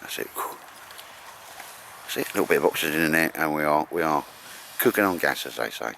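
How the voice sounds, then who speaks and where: A bushcraft vlogger with a gravelly bass voice, pushed and bright, ribs his friends on camera in the cold woods. He speaks briskly and expressively in a joking, chatty way, with a little hiss or hum on the recording.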